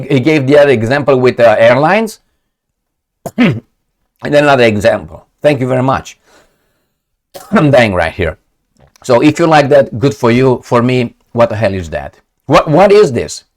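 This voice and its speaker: A man delivers opinionated commentary straight to camera, his pitch leaping up and down with lively, animated swings. He rambles and sounds exasperated, stumbling through hesitations and restarts. His phrasing is that of a non-native speaker. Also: normal speed, pauses often. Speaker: commentary vlogger.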